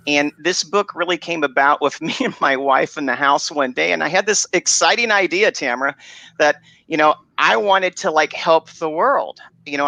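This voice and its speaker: A man, a co-author guest, telling an animated story in casual chat. He often interrupts himself. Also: a little high, no echo, low-quality recording.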